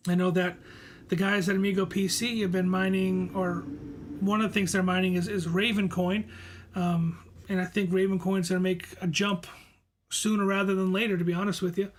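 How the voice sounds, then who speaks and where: A man's voice: high-pitched, little pitch movement, normal speed, slight background noise. A man with a Boston accent, hosting a casual live stream and answering chat in a laid-back, friendly way, often repeating words and restarting. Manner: reads viewer comments aloud and answers them. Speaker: livestream host reading chat.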